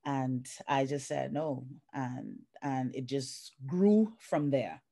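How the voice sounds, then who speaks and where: A woman's voice: rumbling low, slow pace, gravelly. A middle-aged woman from the Bahamas, a life coach and guest, telling a personal story with feeling, acting out what others said, over a video call. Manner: emotional, animated retelling with acted-out quotes.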